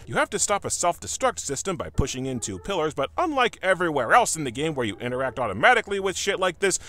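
A man's voice: on the high side, big pitch swings, fast talker, a bit bright. A man narrating a video game review, sarcastic and profane, breaking into exasperated outbursts.

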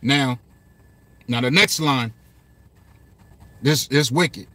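A man's voice: mid-range voice, extremely slow, pushed and bright, no echo. A man in casual commentary, breaking down song lyrics in a loose, repetitive way with some swearing. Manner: loose and repetitive, swearing, quoting lines aloud.

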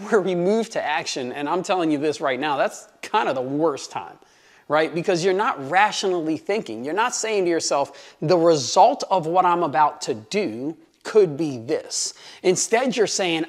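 An American man, a real estate coach, giving an emphatic motivational monologue that repeats its key points. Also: on the high side.

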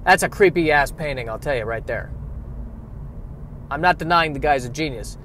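A man hosting a solo comedic podcast, talking in a deadpan, self-deprecating, wandering way from inside a vehicle. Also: fairly high pitch, moderate pace, slight background noise. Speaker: podcast host. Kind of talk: rambling solo comedic monologue. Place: in a vehicle by the street.

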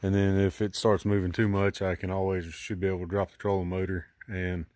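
A middle-aged man with a somewhat low voice walks through a do-it-yourself job outdoors beside his boat. He talks casually and rambles, thinking aloud with plenty of ums, uhs and restarts as he explains his plan. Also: level tone, brisk, a little mellow, dry recording. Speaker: DIY channel host.

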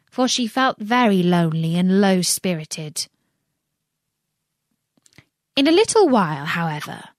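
A woman narrating a children's classic as a storybook reading, expressive and deliberate. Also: medium pitch, dry recording, clean studio sound.

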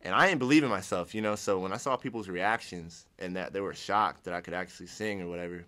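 A man's voice: deep voice, fast talker, sharp tone. A young man from Ohio sharing his personal testimony in a casual, rambling way, restarting sentences and acting out what he once said. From Ohio, United States. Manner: rambling, restarts sentences, acts out his own past words.

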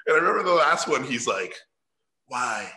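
Man, middle-aged, from Mexico, animated storyteller, bright voice, echoey room. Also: fairly high pitch, quick pace. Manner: animated, laughing, acts out quoted voices. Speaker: guest animator. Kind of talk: casual storytelling at a talk. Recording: roomy echo.

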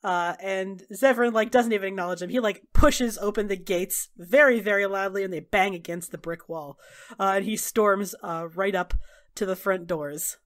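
A woman narrating a tabletop role-playing game as game master, in a relaxed way with many fillers. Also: mid-range voice, normal speed. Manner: relaxed, filler-heavy storytelling.

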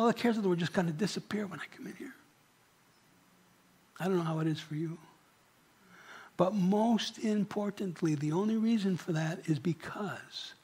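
A pastor with a high, husky voice preaches to a church congregation. His style is conversational, and he addresses questions directly to the people listening.

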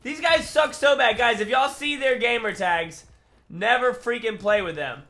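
A young man giving excitable, trash-talking commentary over his own gameplay, often laughing. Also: extremely high pitch, measured pace. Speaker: gaming YouTuber.

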